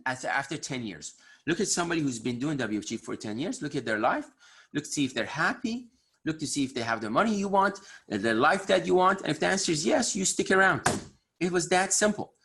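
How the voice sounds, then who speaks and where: A man delivers a motivational business training over a video call, repeating his points with earnest emphasis. His voice is bright and forward, with a husky, slightly rough edge. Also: medium pitch.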